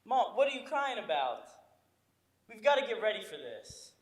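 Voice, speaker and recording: A teenage boy playing a nervous young groom in a high school stage play. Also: sing-song, moderate pace, soft background music. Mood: cheerful. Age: teens. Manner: anxious, earnest. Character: nervous young groom on his wedding day. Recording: echoey auditorium stage.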